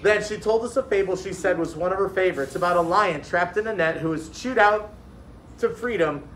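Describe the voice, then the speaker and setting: A man reads a children's story aloud, lively and animated. His voice sits high, and the room around him echoes with a faint hum of ambience. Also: brisk. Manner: animated, voicing classroom characters. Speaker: reader of a children's book.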